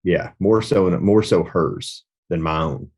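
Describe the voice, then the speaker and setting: Middle-aged male podcast host, very low voice, rambling reflective storyteller. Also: unhurried, a little mellow. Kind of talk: casual podcast conversation.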